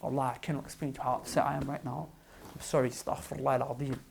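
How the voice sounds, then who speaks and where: A man's voice: mid-range voice, flat delivery, very fast, creaky, a little hiss or hum. A man giving an impassioned vlog address as an online preacher, pleading fervently and often repeating himself.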